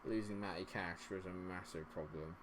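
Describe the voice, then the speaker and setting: A man giving running commentary as a streamer, exasperated and muttering, with loud outbursts. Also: low voice, fairly even intonation, moderate pace, noisy background. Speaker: gaming streamer. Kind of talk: live game commentary.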